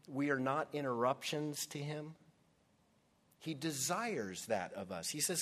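A man's voice: fairly high pitch, expressive, measured pace, fairly bright tone. A man preaching a sermon, earnest and conversational, acting out scenes as he retells them. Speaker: pastor.

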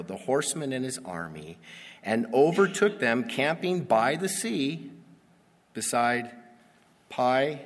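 A pastor giving a sermon, reading Bible verses and explaining them in a conversational way that builds to emphatic peaks. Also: male voice, mid-range voice. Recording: long reverb of a large hall.

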